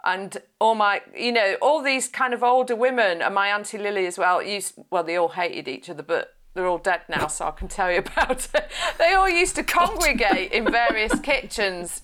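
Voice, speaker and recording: A woman's voice: mid-range voice, moderate pace, hardly any pauses, a bit bright. A woman in her forties talks openly as a podcast guest. She chats frankly and laughs easily as she goes, in a middle-range voice. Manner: frank, chatty, laughs often mid-sentence. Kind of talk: podcast interview chat.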